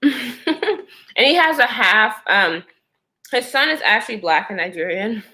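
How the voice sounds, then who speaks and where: A woman's voice: fairly high pitch, measured pace. A woman livestreaming, chatting casually to her viewers as girl and y'all and reacting to their comments as she tells a personal story. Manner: animated, with frequent laughter. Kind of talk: casual storytelling to a live chat.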